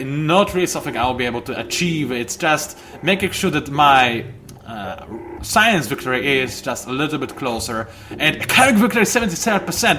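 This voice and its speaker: A man's voice: fairly high pitch, a bit bright. A man hosting a let's play, giving chatty, rambling gameplay commentary and often correcting himself.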